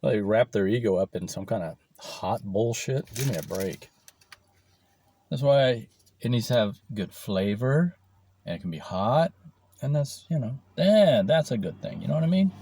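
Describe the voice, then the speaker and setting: A man's voice: mid-range voice, expressive, normal speed, dark tone. A man vlogging casually while he eats lunch, rambling and swearing freely, recorded without his clip-on mic. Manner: rambling, profane, swears often. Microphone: camera mic, no clip-on mic.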